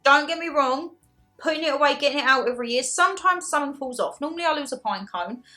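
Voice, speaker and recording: Bubbly high-voiced woman vlogger. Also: fast, faint music behind. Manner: animated, laughs often, self-deprecating. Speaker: haul vlogger. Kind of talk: casual chatty haul video.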